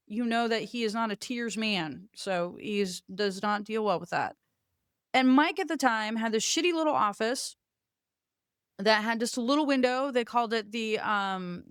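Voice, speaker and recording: A woman's voice: fairly high pitch, dry recording, clean studio sound. A middle-aged woman hosting a podcast, telling a personal story in a blunt, profane, self-mocking way. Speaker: podcast host.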